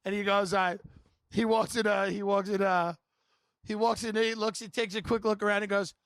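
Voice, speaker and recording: A man with a fairly high voice tells comedic stories on a podcast. He talks in an animated, rambling way and chuckles between lines. The sound is dry and close. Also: moderate pace, clean tone, dry recording. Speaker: podcast host. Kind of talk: comedic storytelling.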